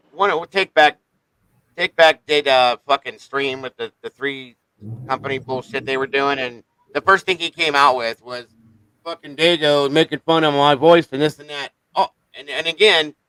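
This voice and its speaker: A man's voice: on the high side, moderate pace, bright, forceful tone, clean tone, dry recording, poor audio. A man hosting a casual livestream chat, talking bluntly and swearing often. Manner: blunt, profane, defensive. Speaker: livestream host.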